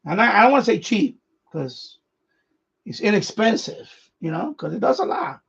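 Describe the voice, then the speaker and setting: A man's voice: sits high, big pitch swings, moderate pace, creaky, fairly bright tone, husky, muffled recording. A man hosting a radio hobby live stream, chatting casually in a rambling way, repeating himself and chuckling often.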